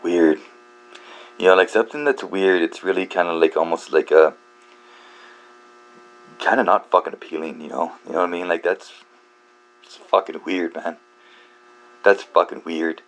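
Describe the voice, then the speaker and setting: Very low-voiced man rambling, halting. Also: a bit bright. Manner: halting, many fillers and restarts, frequent swearing; self-deprecating, laughs at himself. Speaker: book channel host. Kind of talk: rambling casual monologue.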